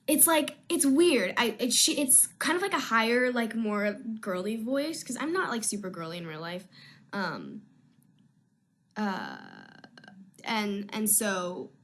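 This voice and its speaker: A woman's voice: a little high, fairly bright tone. A young woman actress chatting casually on a live video stream from home, answering fan questions in a rambling, easily sidetracked way.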